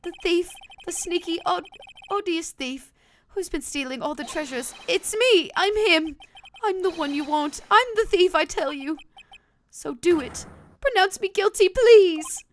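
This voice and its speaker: A woman's voice: lively intonation, measured pace. A woman voicing a nervous, eager young man who confesses to being a thief, stammering in a put-on British accent. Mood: frantic. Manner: high, stammering, overexcited. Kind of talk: game dialogue read aloud on a stream.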